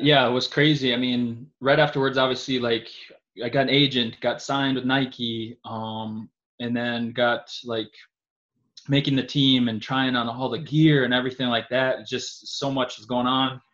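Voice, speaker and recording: A man's voice: mid-range voice, fairly even intonation, a little slow, fairly bright tone. A man from North Dakota, a javelin thrower, telling long stories in a casual interview with lots of fillers. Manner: rambling storytelling with many fillers. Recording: dull lo-fi audio.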